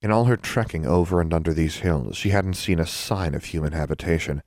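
A man narrating an audiobook in a steady, even storytelling voice. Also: deep voice, brisk, no echo, studio quality.

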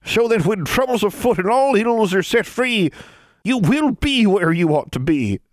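A man voicing an ancient, wizened Ozark granny with a high, cracked drawl, cryptic and sly. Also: expressive, normal speed, no room sound, clean studio sound. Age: elderly.

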